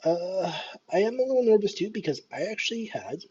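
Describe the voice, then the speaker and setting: A man's voice: high-pitched, sing-song, fairly quick, dark tone, a little hiss or hum. A man in his thirties from Canada with a faint Scottish lilt, vlogging in a hesitant, self-deprecating way with many restarts. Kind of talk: casual nervous vlog monologue. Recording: dull lo-fi home recording.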